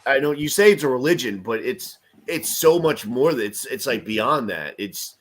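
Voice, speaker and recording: A man co-hosting a casual fan chat show, telling stories with animated swings and frequent laughs. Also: mid-range voice, moderate pace. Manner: animated storytelling, laughs often. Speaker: podcast host.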